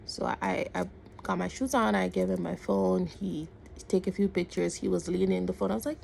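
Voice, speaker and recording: Woman with a very gravelly voice. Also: fairly low pitch, brisk, slight background noise. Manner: animated retelling with quoted dialogue and repeated words. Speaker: vlogger. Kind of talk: casual storytime.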